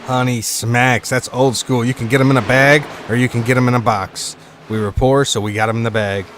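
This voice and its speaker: A man's voice: mid-range voice, fairly even intonation, fairly quick, fairly bright tone, a little hiss or hum. A man commentating a live sim racing stream in a casual, chatty way, reading viewer chat aloud between points updates.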